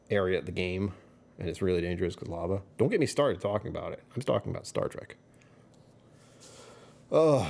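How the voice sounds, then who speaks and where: A man's voice: sits low, a little mellow. A middle-aged man streaming live, rambling through casual chat with his viewers and chuckling often. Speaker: livestreamer.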